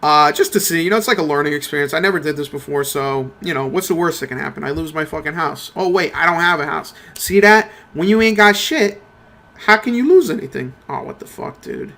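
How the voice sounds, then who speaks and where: A young man with a bright, slightly high voice, talking casually over his gameplay. He rants with lots of swearing and slips into mocking impressions of other people as he tells a story. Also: a little fast. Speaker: mobile game streamer. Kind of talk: casual gameplay commentary rant.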